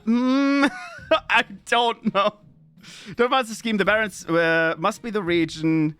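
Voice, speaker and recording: A man's voice: sits high, unhurried, a bit bright, smooth. A man, streaming a game in chatty commentary, often laughing and reading game text aloud. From Austria. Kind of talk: gameplay commentary.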